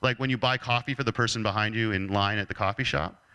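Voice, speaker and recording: A man giving a motivational talk to an audience, telling a humorous personal story in a lively, joking storyteller's manner. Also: lowish voice, quick pace, clear, resonant tone. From Canada. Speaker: keynote speaker.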